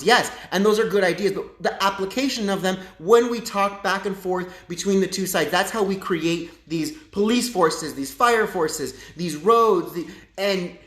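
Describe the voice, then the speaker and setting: A man talks straight into his phone's front camera during a casual live-stream commentary. His delivery is chatty and animated and drifts into rambling asides. The room gives his voice a noticeable echo. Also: sits high, normal speed. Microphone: phone front-facing camera.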